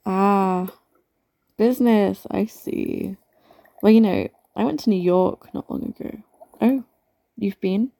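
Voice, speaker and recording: A woman playing a gravelly, flirty barmaid. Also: medium pitch, slow, pauses often, dark tone, no echo, clean studio sound. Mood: flirty, chatty. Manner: teasing, flirtatious. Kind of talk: audio role-play addressing the listener.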